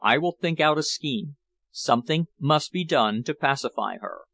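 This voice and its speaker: A man reading the part of a plump, talkative schemer who speaks eagerly and smoothly. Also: on the high side, expressive, normal speed, a bit bright, dry recording, exaggerated voice. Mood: calm. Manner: eager, chatty.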